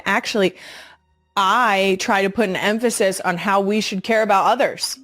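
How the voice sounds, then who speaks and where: A woman's voice: mid-range voice, steady tone, moderate pace, fairly bright tone, dry recording, studio quality, soft background music. A woman in her thirties hosting her own podcast, talking casually in a blunt, sassy way and swearing freely. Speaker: podcast host. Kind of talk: casual monologue.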